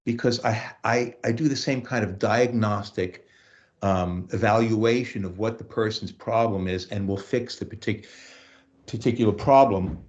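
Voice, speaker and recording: A man who teaches voice, talking through lessons and telling anecdotes in a relaxed interview. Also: lowish voice, normal speed, lo-fi sound. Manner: storytelling, acts out quotes, restarts often.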